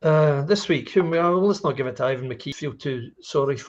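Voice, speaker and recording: A man co-hosting a podcast, brisk and dismissive. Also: a little high, darkish tone, dull audio. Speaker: podcast co-host. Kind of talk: casual livestream chat.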